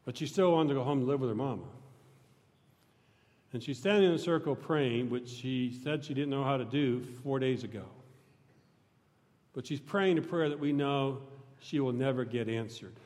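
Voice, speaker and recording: A male pastor preaching a sermon in a large church, talking conversationally and joking with the congregation, sometimes breaking into shouts. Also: mid-range voice, normal speed, pauses often. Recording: long church reverb.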